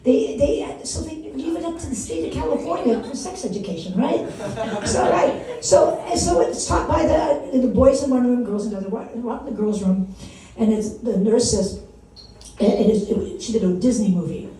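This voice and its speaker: At a small comedy venue, an older Wisconsin woman in her sixties delivers a rambling set that pokes fun at herself, laughing along at her jokes. Her slightly high voice is expressive with a dark tone at normal speed, recorded distantly in an echoey room with a bit of hiss or hum.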